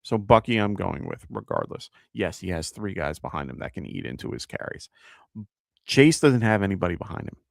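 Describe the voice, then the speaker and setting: A low, gravelly voice carries this live fantasy football stream, hosted by a man with a New York accent. He chats casually, thinks out loud with fillers and reads viewer questions, recorded studio-quality without room sound.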